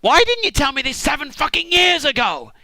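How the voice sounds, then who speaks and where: A man's voice: on the high side, huge pitch swings, normal speed, sharp tone, dry recording, exaggerated voice. A British man voicing a young biblical trickster who swears and blusters in a comic retelling. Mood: outraged. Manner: crude, swearing, exasperated bluster. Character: scheming young male biblical trickster, crude and indignant.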